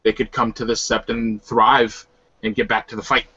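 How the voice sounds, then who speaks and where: A man's voice: mid-range voice, level tone, normal speed, pushed and bright, slightly rough, no room sound. A man playing a tabletop role-playing game, talking in a casual, rambling way with frequent restarts. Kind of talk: casual in-character game talk. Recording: dull lo-fi dry recording.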